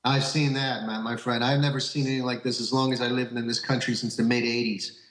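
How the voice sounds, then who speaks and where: A man's voice: medium pitch, little pitch movement, fast talker, fairly bright tone, reverberant, low-quality recording. A man, a guest on a talk show, speaking earnestly and stumbling over repeated words. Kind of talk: phone-in interview.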